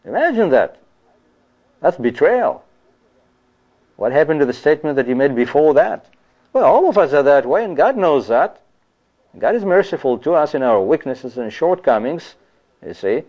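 A man's voice: a little high, very animated, moderate pace, pauses often, dull audio. A man giving a conversational sermon on scripture, often adding "you see" and "you know". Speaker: preacher.

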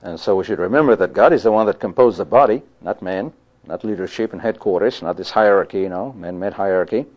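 A man's voice: lowish voice, fast. A man preaching a sermon in an emphatic style, who often repeats himself and keeps saying "you see" and "you know.". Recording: dull lo-fi recording.

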